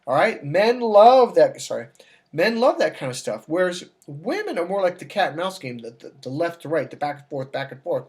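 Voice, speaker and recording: A man working as a dating coach, talking casually to camera and telling stories with acted-out dialogue. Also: fairly quick. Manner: animated storytelling, acts out dialogue with raised pitch.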